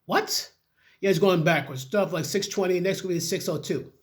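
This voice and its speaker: A man with a high voice reads news headlines aloud in a halting way and keeps stopping to add his own opinions. His delivery is casual and unpolished, with frequent slips. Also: fairly even intonation. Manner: halting reading with asides and stumbles. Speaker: vlogger reading news.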